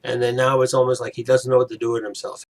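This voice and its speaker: A man's voice: medium pitch, completely flat delivery. A man giving a rambling, casual spoken recap of a TV episode, briefly acting out the characters' lines. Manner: rambling, acts out characters' lines in quick impressions. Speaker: TV episode reviewer.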